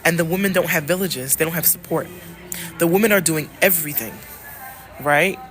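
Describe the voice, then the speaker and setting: A woman from the United States chatting casually in a travel vlog, animated and emphatic, repeating phrases and talking straight to her viewers. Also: low-pitched, fairly quick, soft background music. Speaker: travel vlogger and love coach.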